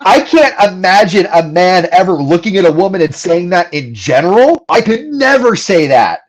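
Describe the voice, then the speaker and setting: Man, fairly high voice, very lively pitch, joking self-mocking banter. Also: normal speed, rough recording. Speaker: radio show co-host. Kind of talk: casual banter.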